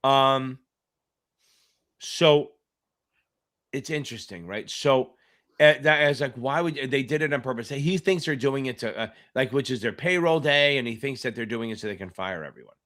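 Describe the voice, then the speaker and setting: A middle-aged exam tutor answers questions on a casual live stream, his mid-range, fairly bright voice at a moderate pace. He talks in a rambling, chatty way and swears now and then.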